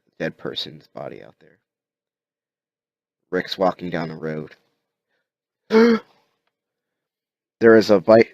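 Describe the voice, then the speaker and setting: A low-voiced man narrates a story off the cuff, halting and restarting between phrases. His voice sits a little low and is recorded close and dry. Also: no echo. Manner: halting, many restarts and fillers. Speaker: amateur narrator. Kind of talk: improvised audiobook narration.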